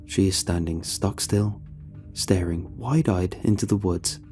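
A man narrating a scripted horror story in a slow, measured way. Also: low-pitched, steady tone, a little mellow, soft background music.

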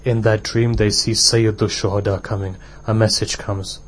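A man's voice: on the low side, flat delivery, normal speed, few pauses. A man with a British accent preaching a sermon in a mosque hall, telling stories and rising to impassioned exhortation.

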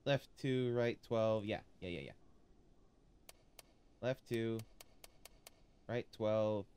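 A man's voice: fairly low pitch, drawn-out words, a little mellow, clean tone. A man casually talking to himself as he streams a horror game, reading notes aloud and chatting as he plays. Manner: chatty, talks to himself while playing. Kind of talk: casual let's-play commentary.

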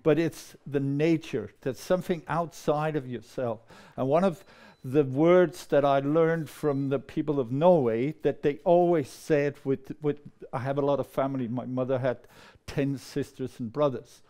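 A man talking casually to an audience, rambling and lively, often laughing. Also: mid-range voice, a little slow, few pauses. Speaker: storyteller. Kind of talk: casual talk to a live audience.

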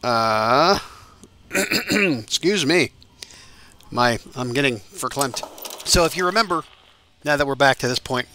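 Bright-voiced man rambling over gameplay. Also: mid-range voice, expressive, moderate pace, a little hiss or hum. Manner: rambling, thinks aloud with many fillers. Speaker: gaming YouTuber. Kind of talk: let's play commentary.

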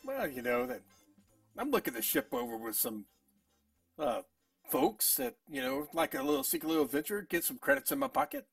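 A man's voice: on the high side, very animated, a little fast, creaky, no echo. A man playing his character at a tabletop game, rambling and stumbling over his words. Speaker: player. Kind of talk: in-character tabletop role-play. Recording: distant mic with background music.

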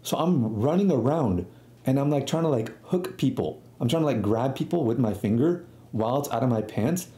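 This young storytelling streamer's voice is medium-pitched and dark, with lively intonation and a moderate pace. Recorded in an echoey room, he tells a rambling, slangy story and swears freely.

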